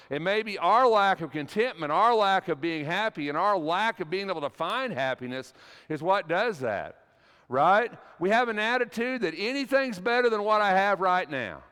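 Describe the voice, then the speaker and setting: A man's voice: sits high, very animated, normal speed, bright, forceful tone, smooth, big-room sound. A middle-aged man preaching a sermon in a church, folksy and conversational, telling a personal story with frequent restarts. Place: church sanctuary.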